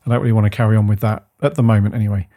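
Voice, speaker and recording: A man from the UK co-hosting a podcast, chatting in a rambling, enthusiastic way and often letting his phrases trail off softly. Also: lowish voice, little pitch movement, very fast. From United Kingdom. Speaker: podcast co-host. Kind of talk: casual chat.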